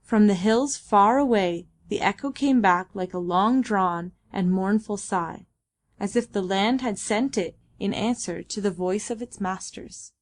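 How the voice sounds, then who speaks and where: A woman giving a steady, even audiobook narration. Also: mid-range voice, unhurried. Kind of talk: scripted narration.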